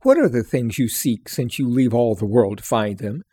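A man's voice: medium pitch, animated, normal speed, warm tone, slightly rough, voice pushed down. A man playing a scornful, stubborn neighbor. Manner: scornful, blustering.

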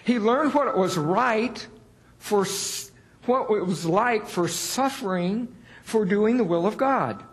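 A man's voice: high voice, lively intonation, slow pace. A man preaching a sermon in a folksy, candid way, poking fun at himself and raising his voice to stress key words. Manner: folksy, candid and self-deprecating; builds to raised emphasis on key words.

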